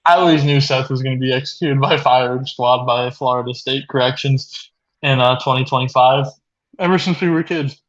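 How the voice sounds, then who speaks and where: A man co-hosting a comedy video, telling an absurd confession with mock seriousness, often laughing and shouting out quoted lines. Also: medium pitch, moderate pace, highs cut off. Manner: laughing through absurd confessions, breaking into loud acted quotes. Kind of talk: deadpan mock apology, improvised comedy. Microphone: video call.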